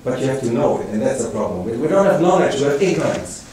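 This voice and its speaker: A man's voice: medium pitch, very animated, fast, warm tone, slight background noise. A man giving a public lecture, emphatic and full of rhetorical questions. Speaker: guest lecturer. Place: lecture hall. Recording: echoey hall from far off.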